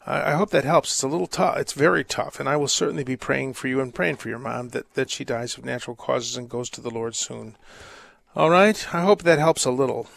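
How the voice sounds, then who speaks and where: A man's voice: medium pitch, a little fast, a bit bright, no echo. A man, a priest hosting a call-in radio show, giving earnest pastoral advice with jovial asides. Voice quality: gravelly. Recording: dry close studio mic.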